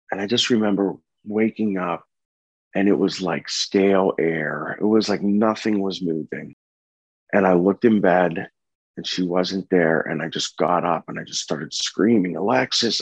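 Deep-voiced grieving father, somber and halting. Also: breathy edge, no room sound. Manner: earnest, halting, somber storytelling. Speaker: bereaved husband and father telling his story. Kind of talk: personal testimony. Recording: dull, dry lo-fi recording.

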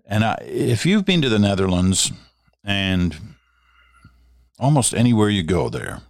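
A man's voice: on the low side, sing-song, unhurried, creaky, dry recording, clean studio sound. An older Canadian man hosting a radio talk show, chatting in a storytelling way and reading listener letters. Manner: warm storytelling, reads listener letters aloud. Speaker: radio host. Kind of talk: casual talk radio monologue.

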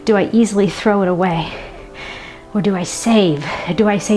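A woman preaching a sermon in a reflective, earnest way, breaking into soft laughs now and then. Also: medium pitch, normal speed, soft background music.

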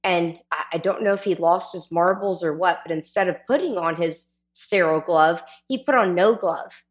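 A middle-aged woman, a labor and delivery nurse, chatting casually and telling animated stories with loud exclamations. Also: fairly low pitch, moderate pace. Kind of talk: casual chat.

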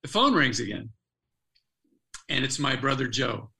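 A man's voice: medium pitch, sing-song, a little slow, gravelly, bright, forceful tone, rough recording. An older man, a former athlete turned speaker, earnestly telling a personal story as a podcast guest, restarting his phrases as he goes.

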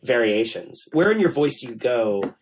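A man's voice: mid-range voice, sing-song, normal speed. A man hosting an interview, asking curious, easygoing questions. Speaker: interview host.

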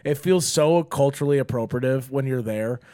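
A man's voice: mid-range voice, moderate pace, dark tone, dry recording. Young man, casual podcast co-host, rambling and profane, dry close mic. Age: 20s. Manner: loose, rambling, swears, says dude a lot. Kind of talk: casual chat.

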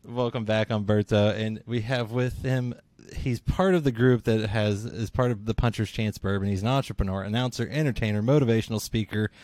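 A man hosting a casual interview over a video call, easygoing and quick to laugh. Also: on the low side, a little mellow, dry recording. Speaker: show host.

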